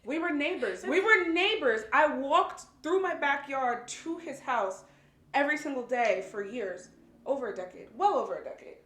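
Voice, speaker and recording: Bright, blunt woman, echoey and distant. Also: high voice, moderate pace. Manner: blunt, profane, animated teasing. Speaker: podcast co-host. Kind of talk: casual chat.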